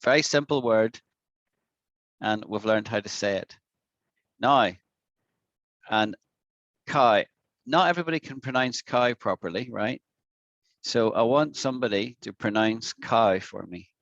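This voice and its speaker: A man's voice: mid-range voice, measured pace, creaky, pauses often, a bit bright, no echo, dull audio. A man with an Irish accent teaching an online English lesson over a video call, patiently repeating words to demonstrate them. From Ireland.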